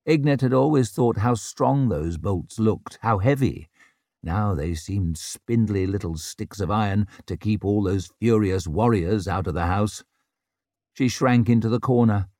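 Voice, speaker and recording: A man narrating a fantasy novel as an audiobook, telling it in an expressive, dramatic way. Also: on the low side, measured pace, dry recording, clean studio sound.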